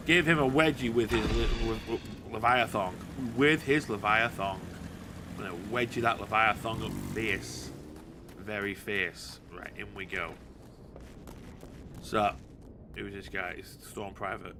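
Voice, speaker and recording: A man's voice: fairly low pitch, unhurried, noisy background. A man live-streaming a game, joking and rambling as he plays. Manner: jokey, rambling, self-correcting. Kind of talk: casual live-stream gaming commentary.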